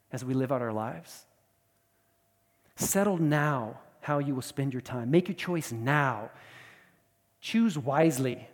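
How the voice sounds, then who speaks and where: A man preaching a sermon as pastor, in an animated, conversational way with asides and laughs. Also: fairly high pitch. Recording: long reverb of a large hall.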